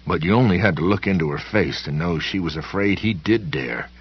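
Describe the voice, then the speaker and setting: A man narrating a first-person horror audiobook in a slow, folksy way with plain country grammar, his voice husky. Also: low voice, dull audio.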